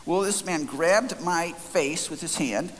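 A man's voice: a little high, slow pace, fairly bright tone. Earnest man telling a sermon story. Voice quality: earnest, conversational, frequent restarts. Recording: faint hiss, long hall reverb.

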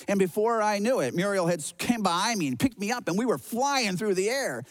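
A man telling a first-person sermon story in an animated way, often stumbling and restarting his words. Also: high-pitched, fairly quick, few pauses.

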